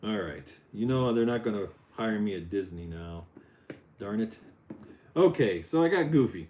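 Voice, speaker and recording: A middle-aged man hosting a casual Lego building livestream, loose and chatty, his voice jumping up when he gets excited. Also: mid-range voice, a little fast. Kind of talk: casual chat while building. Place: home office.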